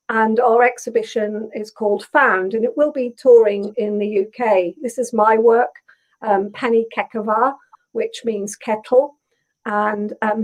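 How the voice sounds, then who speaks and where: A woman with a soft Norfolk English accent speaks as a guest on a video call. Her voice sits a little high, and she talks in a chatty, thoughtful way, pausing on fillers as she gathers her thoughts. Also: low-quality recording. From England, Norfolk. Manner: chatty, thoughtful, many ums. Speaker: textile artist guest. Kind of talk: casual video call interview.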